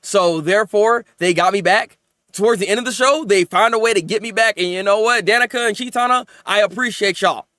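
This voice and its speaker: A man reviewing anime episodes in casual, animated chat, venting and rambling as he goes. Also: high-pitched, dry recording, studio quality. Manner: animated, rambling, quick to vent.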